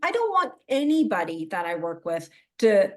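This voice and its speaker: This middle-aged woman, a coach for mental performance, uses a mid-range voice at normal speed in a relaxed interview. Inner thoughts get acted out in lively quoted voices.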